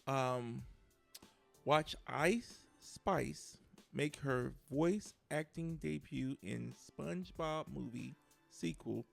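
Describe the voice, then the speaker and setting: A man with a strongly gravelly, fry-heavy voice chats through the day's entertainment headlines. He stops often to search his notes and fills the gaps with hesitations. Faint music runs underneath. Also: medium pitch. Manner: reads headlines haltingly with many fillers. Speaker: podcast co-host. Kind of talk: casual news chat.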